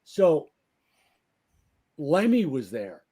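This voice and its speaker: A man with a mellow, relaxed tone tells long, rambling anecdotes. His talk is loose and profane, full of restarts and asides. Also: a little high, drawn-out words, slightly rough. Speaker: podcast guest, band member. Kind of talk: casual storytelling chat.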